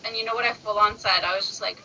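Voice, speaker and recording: A woman's voice: mid-range voice, very fast. A woman chatting casually, telling sarcastic stories and acting out both sides of each exchange. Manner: animated, sarcastic storyteller who acts out exchanges. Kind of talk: casual chat. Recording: muffled recording with faint noise.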